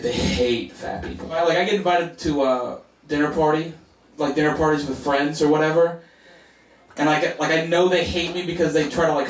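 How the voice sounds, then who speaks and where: A man from Oklahoma performing a casual stand-up comedy set, full of "like" and rhetorical asides. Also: on the high side. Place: comedy club. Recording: echoey club, distant mic, crowd laughter. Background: audience laughter.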